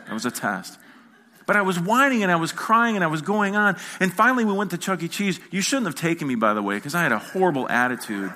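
A man's voice: high-pitched, lively intonation, fast talker, few pauses, bright, forceful tone. A middle-aged man, the pastor, preaching a sermon in church, telling stories with playful asides to the congregation. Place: church sanctuary.

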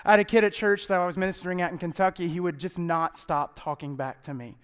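A man's voice: sits high, steady tone, quick pace, clean tone. A man preaching as a youth pastor in a church, chatty and playful, often laughing as he talks. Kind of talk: casual humorous sermon. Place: church sanctuary. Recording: echoey church hall.

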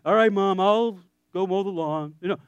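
A man's voice: high-pitched, normal speed, smooth, no echo, highs cut off, natural voice. A man voicing a grown son giving in to his mother with playful, mock reluctance. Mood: mock-obedient.

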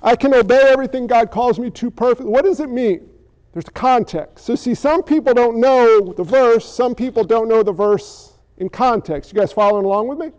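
A man's voice: extremely high pitch, brisk, a little mellow, lo-fi sound. A man preaching a sermon as pastor, talking conversationally and playfully while questioning his congregation.

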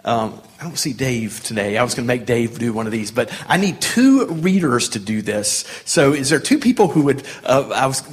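A man's voice: mid-range voice, normal speed, hardly any pauses. A man leading a Bible study group, teaching casually with many fillers and acting out sarcastic voices as he reads. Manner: animated, acts out sarcastic voices when reading.

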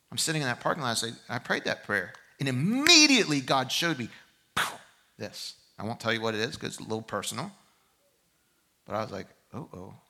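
Male pastor, sermon delivery, bright and forceful tone, middle pitch, shifts between loud urging and soft reflection. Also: vocal fry. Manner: impassioned preaching that swings from loud exhortation to quiet reflection. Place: church service.

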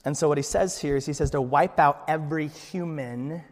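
A man preaching a sermon as pastor, acting out the dialogue with big, loud swings in voice. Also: on the high side, moderate pace, long reverb tail.

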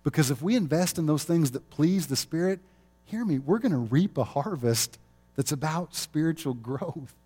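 Mellow-voiced man preaching conversationally. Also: a little high, lively intonation, moderate pace, slightly rough, faint music behind. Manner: conversational, chuckling often. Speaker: pastor. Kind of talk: sermon. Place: chapel.

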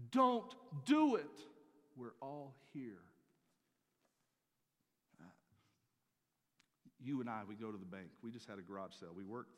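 Male pastor delivering a sermon; very expressive, punches key words then drops low, echoing sanctuary. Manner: animated, swings between loud emphatic peaks and quiet asides.

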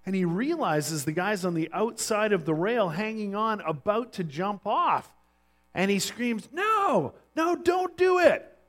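A male pastor preaching a sermon in a relaxed storytelling way, with frequent fillers. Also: high voice, a little slow.

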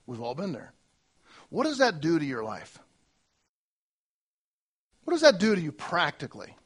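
A male pastor preaching to his congregation in a church, his voice sitting a little high for a man. He stacks word after word into long lists and swings between booming emphasis and quiet, dropped phrases. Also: wildly swooping pitch, moderate pace, slightly rough. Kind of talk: sermon.

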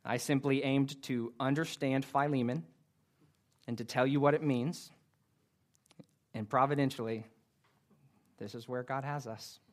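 A man's voice: medium pitch, fairly even intonation, measured pace, long pauses. A man preaching a sermon to his congregation, earnest and careful, with frequent fillers. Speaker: pastor.

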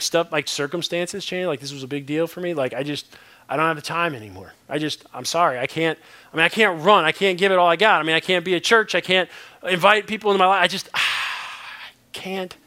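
A man's voice: on the high side, fairly quick, pushed and bright. A man playing a reluctant churchgoer who rambles hesitantly through excuses. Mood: whiny excuses.

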